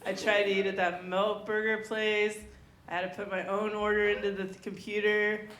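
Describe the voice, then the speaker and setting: A woman's voice: mid-range voice, flat delivery, moderate pace, a bit bright. A woman performing a rambling, chatty open mic stand-up set, talking with the crowd between jokes. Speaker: stand-up comedian. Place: comedy club stage. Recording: echoey club room, faint noise.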